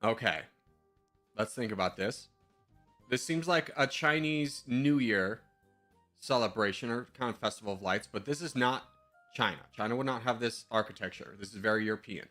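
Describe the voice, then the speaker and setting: A man's voice: medium pitch, normal speed, a bit bright, faint music behind. A male streamer in casual live-stream commentary, thinking aloud in a chatty, self-mocking way.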